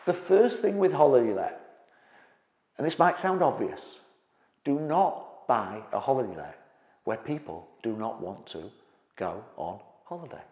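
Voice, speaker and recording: A man giving an energetic seminar presentation as a property investment trainer, often checking in with the audience. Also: mid-range voice, unhurried. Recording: dull, echoey hall with long reverb.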